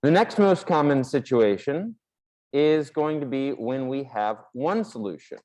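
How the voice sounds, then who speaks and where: Guy teaching math at a board, relaxed explainy lecture, mid pitch. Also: measured pace, rough recording. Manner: casual, explanatory, with fillers; talks while drawing on a board.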